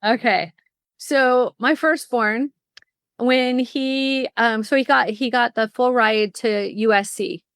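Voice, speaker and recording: Lively middle-aged woman, clear dry voice. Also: fairly high pitch, no echo. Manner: lively storyteller, fast bursts when explaining. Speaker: guest, college admissions consultant. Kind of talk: casual interview chat.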